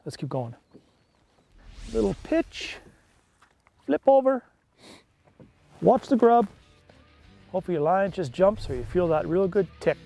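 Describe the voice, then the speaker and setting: A man chatting excitedly and folksily while fishing from a small boat on a lake. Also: high-pitched, a little slow, creaky, pauses often, faint music behind. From Canada. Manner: excitable, folksy, peppers talk with "eh". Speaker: fishing vlogger. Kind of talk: casual on-the-water chat.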